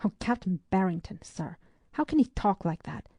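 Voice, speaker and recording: A woman's voice: mid-range voice, big pitch swings, moderate pace, dark tone, husky, no room sound. A woman voicing a loyal, anxious old sailor-servant who talks in rustic dialect in an audiobook. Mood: earnest. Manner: rustic dialect speech, earnest.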